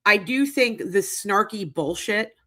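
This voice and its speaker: Fired-up lady cohost, blunt talk, bright sharp voice. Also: mid-range voice, lively intonation, takes it slowly. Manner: passionate, blunt, swears freely. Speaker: podcast co-host. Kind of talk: casual chat.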